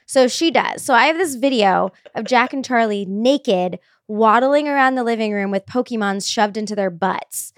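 A woman in her thirties hosting a podcast, telling candid stories in a lively, chatty way with lots of fillers. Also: a little high, moderate pace, hardly any pauses, no echo, clean studio sound. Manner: candid, animated storyteller with frequent fillers. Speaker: podcast host. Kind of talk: casual podcast chat.

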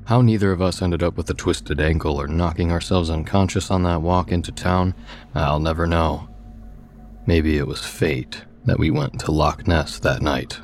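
A man narrating a first-person story in a measured, steady storytelling manner. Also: rumbling low.

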